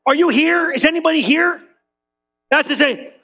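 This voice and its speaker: A man's voice: moderate pace, vocal fry. A man preaching as a pastor, telling a story with slang and acting out every voice in the dialogue. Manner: animated, slangy, acts out dialogue with big pitch jumps. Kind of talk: comedic storytelling sermon.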